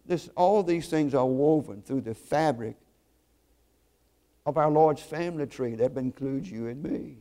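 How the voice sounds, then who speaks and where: A man preaching a sermon, telling stories earnestly and slowing down to stress key points. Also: mid-range voice, warm tone. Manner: earnest storytelling, slows for emphasis.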